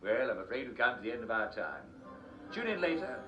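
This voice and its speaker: An actor playing a cheery, smooth TV host in a video game broadcast, with an upbeat announcer delivery. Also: male voice, mid-range voice, sing-song, fairly quick, bright, forceful tone, soft background music. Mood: chipper. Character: cheery smooth male TV host of a dystopian show.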